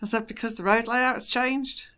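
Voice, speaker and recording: Middle-aged woman, vlog co-star, exasperated storyteller with a bright, sharp tone. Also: a little high, steady tone, normal speed, smooth. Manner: exasperated storytelling, complains she is not listened to. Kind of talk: casual banter.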